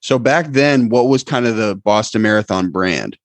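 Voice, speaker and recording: A man hosting a podcast interview, asking questions in a relaxed, conversational way. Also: lowish voice, moderate pace, no room sound. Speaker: podcast host. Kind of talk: casual interview. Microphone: video call.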